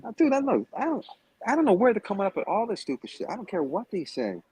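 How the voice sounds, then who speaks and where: A man's voice: high voice, wildly swooping pitch, fast talker, a little mellow, husky, low-quality recording. A man in a heated livestream rant, taunting and cursing at a rival, calling in remotely. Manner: profane, confrontational, taunting. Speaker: stream guest. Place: Las Vegas.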